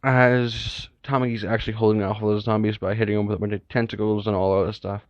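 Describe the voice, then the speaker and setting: A man's voice: fairly low pitch, little pitch movement, quick pace, no room sound. A man casually narrating an improvised fan story, rambling and correcting himself with many asides. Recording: dull, lo-fi, dry recording.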